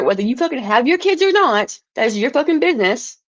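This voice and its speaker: A woman's voice: medium pitch, expressive, moderate pace, lo-fi sound. A woman livestreaming an angry, profane rant, stumbling and restarting words as she gets heated.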